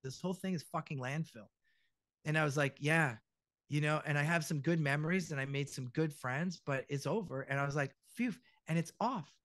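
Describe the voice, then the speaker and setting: A middle-aged voice actor guesting on a podcast tells stories in a fairly high voice at normal speed, acting out every quote and swearing freely. The recording is close and dry, with no room around it, and the chat is casual.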